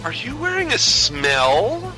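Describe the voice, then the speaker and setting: A man's voice: very high-pitched, huge pitch swings, over music, pitched above the performer's own voice, heavily acted. A man with an American accent reading the part of a freshly regenerated Doctor in a podcast read-through, fussy and puzzled. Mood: quizzical. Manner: read aloud from a script, quick and quizzical.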